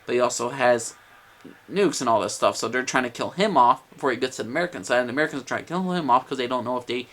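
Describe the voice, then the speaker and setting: A man's voice: mid-range voice, animated, fast talker, fairly bright tone. A man giving a casual movie review, enthusiastic and rambling, with lots of "uh" and "like". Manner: enthusiastic, rambling with many fillers.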